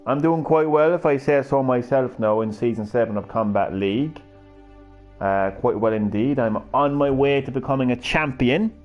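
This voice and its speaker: Sweary gamer ranting over game music. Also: male voice, medium pitch, normal speed, dull audio. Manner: excitable, profane, sarcastic trash talk. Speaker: gaming streamer. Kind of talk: live gameplay commentary.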